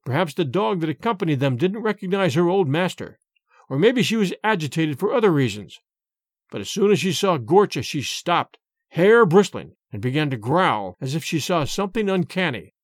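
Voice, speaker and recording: Man, audiobook narration, measured, slightly high voice, dry. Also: big pitch swings, no room sound. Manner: measured, storytelling. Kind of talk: scripted first-person narration.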